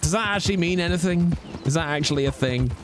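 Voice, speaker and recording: A man's voice: a little high, fast talker, background noise. A man streaming a role-play game, chatting casually and jokily with lots of swearing. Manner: rambling, jokey, swears a lot. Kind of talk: casual gaming stream commentary.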